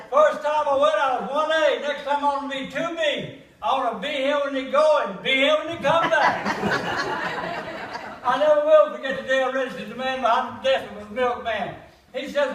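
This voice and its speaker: Older man, high-pitched folksy comic, laughs at own jokes; echoey hall, distant mic. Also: moderate pace, fairly bright tone. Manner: folksy joke-telling, laughing at his own punchlines. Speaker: comedian. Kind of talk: comic monologue at a church gathering. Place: church hall.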